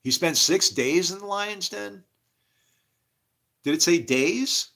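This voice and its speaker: Speaking slowly in a creaky voice with lively intonation, a man rambles through a religious monologue. He goes from mumbling low to shouting, and he laughs to himself along the way.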